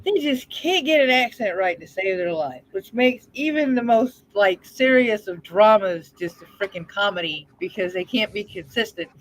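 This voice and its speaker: A woman's voice: mid-range voice, lively intonation, normal speed, hardly any pauses, rough recording. A woman hosting a casual podcast chat with a mid-range, natural voice. She talks bluntly and freely, telling stories with an easy, unguarded manner. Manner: chatty, blunt, laughs and swears freely. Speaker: podcast host.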